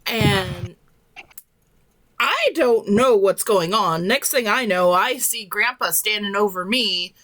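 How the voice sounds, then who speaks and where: Young woman talking slow, stop-start, telling a story about her grandpa. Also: mid-range voice, fairly bright tone, poor audio. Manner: halting, slow, searching for words. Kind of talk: casual storytelling chat.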